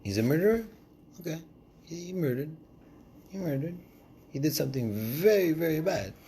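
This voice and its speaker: A man giving a casual Torah lesson, telling the story in an animated way and switching between languages. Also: fairly high pitch, normal speed, a little hiss or hum. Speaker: Torah teacher.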